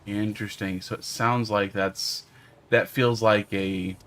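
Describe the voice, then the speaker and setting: A man co-hosting a game livestream in a relaxed, joking way. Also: lowish voice, measured pace. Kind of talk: casual livestream chat.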